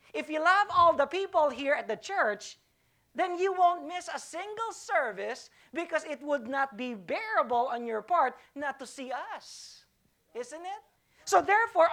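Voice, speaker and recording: A woman's voice: sits high, fairly bright tone. A woman pastor preaching a sermon to her church, emphatic and repetitive, asking the congregation rhetorical questions.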